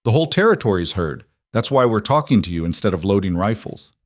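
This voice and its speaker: A man's voice: fairly low pitch, big pitch swings, fast, dry recording. A man plays a determined settler pushing for action in a Western story. He talks with grim urgency. The recording is dry and close. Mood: urgent.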